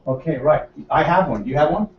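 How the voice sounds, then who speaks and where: A man's voice: fairly high pitch, expressive, a little fast. An American man giving a seminar to a live audience, brash and joking, quizzing people in the room and teasing them. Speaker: seminar presenter. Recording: roomy, distant, dull room mic.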